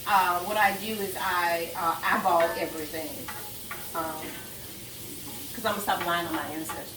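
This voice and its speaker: A woman's voice: on the low side, fairly even intonation, moderate pace, roomy sound, distant mic, noisy background. A woman giving a casual cooking vlog in her home kitchen, chatting in a rambling way and correcting herself as she talks. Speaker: cooking vlogger.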